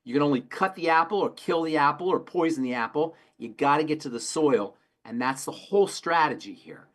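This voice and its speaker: His voice is a little high, expressive and fairly quick as he, a pharmacist, handles callers' health questions. He's emphatic, repeats phrases for stress, and leans on folksy anecdotes.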